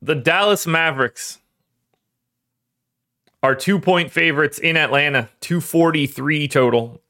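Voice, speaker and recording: A man's voice: fairly high pitch, measured pace, bright, forceful tone. A young man hosting a fantasy sports show, talking casually and rambling, his voice cracking as he gets choked up. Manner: rambling, self-deprecating, emotional about his team. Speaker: fantasy sports podcast host. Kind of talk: casual solo livestream talk.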